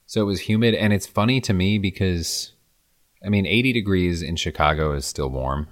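A man tells stories in relaxed, easy conversation, clearly enjoying himself. His voice sits very low. The sound is close and dry, with no room echo. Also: normal speed. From American Midwest. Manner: chatty, enthusiastic storytelling. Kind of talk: casual chat.

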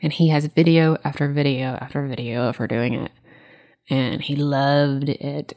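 A woman's voice: a bass voice, steady tone, moderate pace. A woman in grief, telling candid stories about her late dog in casual conversation with laughter between lines. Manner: candid, warm storytelling with laughs. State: grieving.

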